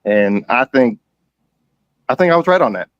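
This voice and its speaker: Middle-aged male caller, smooth, somewhat high voice, dry sound, confident and eager. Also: expressive, normal speed, a bit bright, no echo, lo-fi sound. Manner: enthusiastic, confident.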